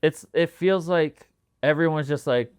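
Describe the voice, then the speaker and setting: A man's voice: fairly high pitch, measured pace, smooth, no room sound, clean studio sound. A young man co-hosting a casual comedy podcast, teasing his partner playfully and giggling often. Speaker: podcast co-host.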